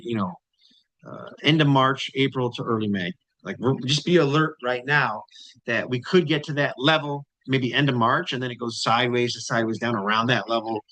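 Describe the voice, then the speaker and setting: A man in a dry, close recording, speaking at an ordinary middle pitch. He talks loosely through charts, repeating words for emphasis and tossing in "right?" and "you know" as he goes. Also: fairly bright tone, dry recording, rough recording. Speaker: trading channel host. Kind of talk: casual chart commentary.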